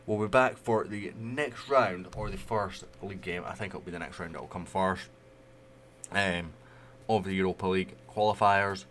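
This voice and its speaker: A man's voice: sits low, normal speed, a bit bright. A man giving casual, rambling commentary over a management game he plays. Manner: chatty, rambling, loose. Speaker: gaming YouTuber.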